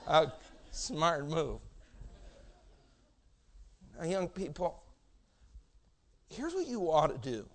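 A middle-aged man preaching a sermon as pastor, swinging between loud shouting and hushed storytelling, and acting out the voices he quotes. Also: on the high side, very animated, very slow, long pauses.

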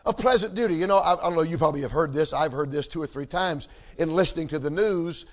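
A man's voice: fairly high pitch, fast talker. A man preaching a sermon, emphatic, repeating key words and checking in with the congregation. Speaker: pastor.

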